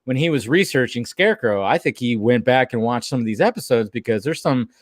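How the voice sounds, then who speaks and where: Male podcast host, casual and animated, quick to laugh, dry close sound. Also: medium pitch, no room sound. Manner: animated, laughs often while talking. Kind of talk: casual chat.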